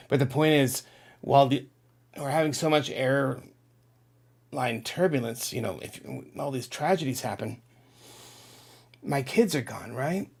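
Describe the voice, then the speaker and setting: A man's voice: medium pitch, slightly rough. A middle-aged man hosting a casual livestream, reading out viewer chat and rambling emotionally to his audience. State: on the verge of tears.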